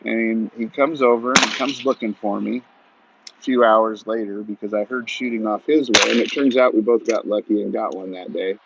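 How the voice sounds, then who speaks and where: A man in his forties telling a story in a rambling, folksy way, outdoors at shooting practice, on muffled audio with loud gunfire. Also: on the low side, fairly even intonation, moderate pace, vocal fry, very noisy. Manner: rambling folksy, many "you know" and "he goes". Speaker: vlogger. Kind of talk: casual storytelling monologue.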